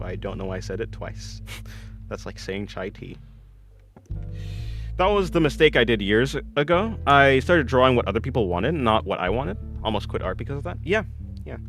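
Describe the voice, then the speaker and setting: Young male art streamer, lively pitch, rambling casual chat, laughs a lot, faint music under. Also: normal speed. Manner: rambling, self-correcting, laughs often.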